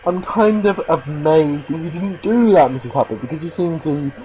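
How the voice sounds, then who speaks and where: A man's voice: a little high, expressive, moderate pace, dark tone, soft background music, poor audio. A man giving sarcastic, wry commentary while playing a mystery video game. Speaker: gameplay commentator. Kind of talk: let's play commentary.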